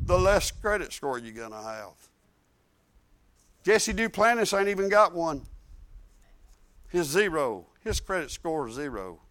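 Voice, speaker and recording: Male preacher, high and clear, folksy storyteller who pushes into emphatic calls to the congregation. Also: sharp tone. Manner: folksy, emphatic, rising to exhortation. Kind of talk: sermon with storytelling.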